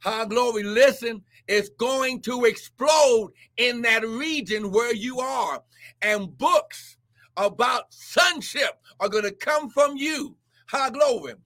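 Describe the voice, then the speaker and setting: A man preaches with a very high, bright voice, drawing his words out slowly. He shouts and whoops, breaking in with "listen" and "glory" again and again. It is a fiery, prophetic sermon.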